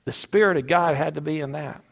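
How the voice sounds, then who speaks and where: A man preaching with a casual, joking delivery, his voice sitting a bit high. He leans on key words and draws them out slowly. The recording sounds dull and lo-fi. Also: gravelly, a bit bright. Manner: conversational and humorous, with emphatic slow stresses. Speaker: pastor. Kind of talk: sermon.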